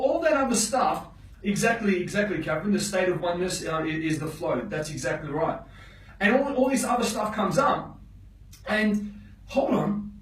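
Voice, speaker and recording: Teaching a live motivational class, a man whose voice sits high lectures bluntly, keeps checking on his listeners and swears for emphasis. Poor audio captures him from far off in a roomy space.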